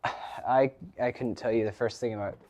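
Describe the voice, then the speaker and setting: A man's voice: mid-range voice, fairly even intonation, normal speed, a little mellow. A teenage boy chatting casually on a live stream from his garage, rambling with lots of ums and restarts. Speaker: livestreamer. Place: home garage.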